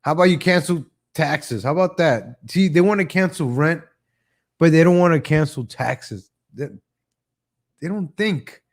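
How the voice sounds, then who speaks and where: A man's voice: on the high side, expressive, unhurried. A man hosting a live online show, ranting in a casual, sarcastic way, often repeating his first words and mocking people in exaggerated voices. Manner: opinionated, sarcastic, jumps between topics; mocks others in exaggerated voices.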